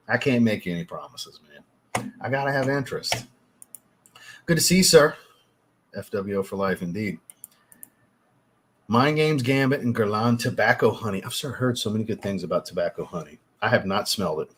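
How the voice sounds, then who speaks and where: A man's voice: lowish voice, expressive, moderate pace, pauses often, fairly bright tone, husky. A man hosting a casual livestream, chatting with viewers and thanking them, laid-back and swearing now and then. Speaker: livestream host, fragrance reviewer. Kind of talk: casual livestream chat reading super chats.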